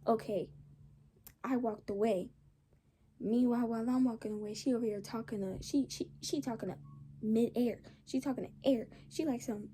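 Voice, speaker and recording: A woman's voice: on the high side, normal speed, slight background noise. A young woman casually telling a storytime, rambling along with slang and lots of restarts. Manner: rambling, animated retelling with slang.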